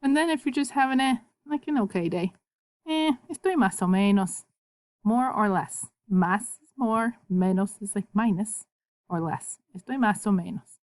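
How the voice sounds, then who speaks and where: A woman teaching a recorded video lesson as a Spanish teacher, patiently repeating words slowly so learners can copy the pronunciation. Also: mid-range voice, lively intonation, darkish tone, dry recording.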